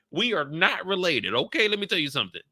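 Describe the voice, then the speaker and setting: A man's voice: high voice, very animated, brisk, sharp tone, dry recording, studio quality. A man hosting a show recap in loose, slangy live commentary, laughing often and mimicking characters.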